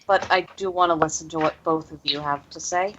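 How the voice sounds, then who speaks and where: A woman voicing a shy, gentle young male trainer who stammers and hesitates. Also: low-pitched, steady tone, brisk, muffled recording, slight background noise. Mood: earnest.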